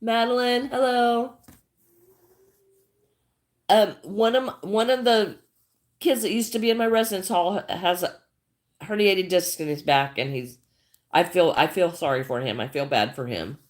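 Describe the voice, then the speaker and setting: A woman's voice: medium pitch, a little slow, long pauses. An older woman chatting casually on her crafting livestream, greeting viewers by name and often repeating herself. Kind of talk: casual livestream chat while crocheting.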